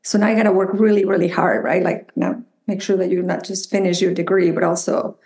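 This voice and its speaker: A woman from Mexico with a Mexican Spanish accent, a psychotherapist guest telling her experiences in a reflective, animated way. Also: on the low side, a little fast, gravelly, reverberant. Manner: reflective, animated storytelling with quoted voices. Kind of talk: conversational interview.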